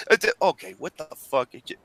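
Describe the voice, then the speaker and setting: A man hosting a casual online chat, swearing loudly and breaking into frequent laughter and sudden outbursts. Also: a little high, animated, normal speed, dry recording. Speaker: podcast host.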